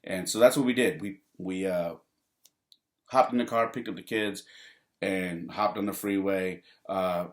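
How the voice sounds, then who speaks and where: A man's voice: low voice, steady tone, measured pace. A man hosting his own podcast, telling stories in a laid-back, rambling way, laughing often and saying "man" and "you know". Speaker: podcast host. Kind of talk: casual solo podcast storytelling.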